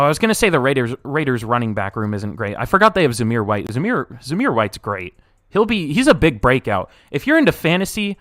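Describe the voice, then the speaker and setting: A young man streaming live, reading chat aloud and reacting, swinging from low mumbles to loud outbursts, his voice wearing out. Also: no room sound, clean studio sound.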